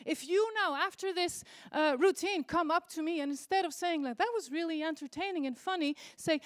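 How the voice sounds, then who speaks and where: A woman in her forties with an Icelandic accent, performing a stand-up routine on a convention stage with deadpan storytelling. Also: very high-pitched, brisk, few pauses. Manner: deadpan storytelling with exaggerated quoted voices. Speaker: stand-up comedian. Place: convention stage before an audience.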